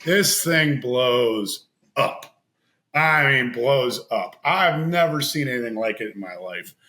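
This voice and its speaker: A man telling a long personal story in casual chat as a podcast guest, animated and laughing, acting out what others said. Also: medium pitch, takes it slowly, low-quality recording. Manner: animated, laughing, acts out quoted voices.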